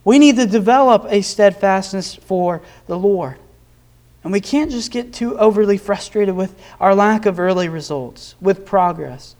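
Young guy preaching a sermon, really high-pitched voice, earnest, from nebraska. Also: darkish tone. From Nebraska, USA. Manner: earnest, rises in emphasis when quoting scripture.

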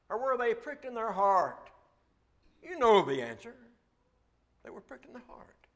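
Lively high-voiced male preacher. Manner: rhetorical questions with repeated refrain, dropping low on scripture. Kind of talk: sermon.

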